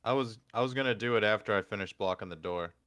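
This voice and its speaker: A man's voice: fairly low pitch, fast talker, fairly bright tone, clear, resonant tone, no echo, studio quality. A man chatting casually as a player in a tabletop game, laid-back and offhand.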